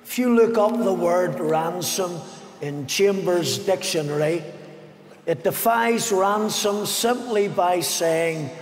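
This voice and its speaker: An older Northern Irish pastor preaches in a high voice, drawing each phrase out slowly and sometimes half-singing a line. His sermon rings through a big arena, trailed by a long, echoing reverb. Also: a little hiss or hum. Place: large arena.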